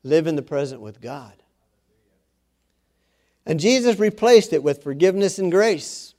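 A man's voice: sits high, big pitch swings, a little slow, a little mellow. A man preaching a sermon, earnest, with self-deprecating asides, rising in force when he exhorts.

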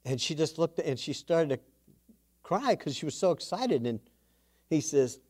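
A man preaching a sermon and telling a testimony, animated, with quoted dialogue and emphatic exclamations. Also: fairly high pitch, normal speed, pauses often.

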